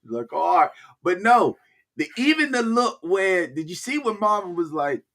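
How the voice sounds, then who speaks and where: Animated laughing man recapping TV. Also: high voice, moderate pace. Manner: animated, laughing, acts out characters' lines. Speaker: podcast co-host. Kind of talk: casual chat recapping TV episodes.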